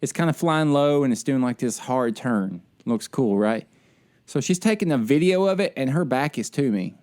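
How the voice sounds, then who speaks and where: A man co-hosting a casual podcast, telling a frustrated story in an animated, ranting way. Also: mid-range voice, normal speed. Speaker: podcast co-host; military service member.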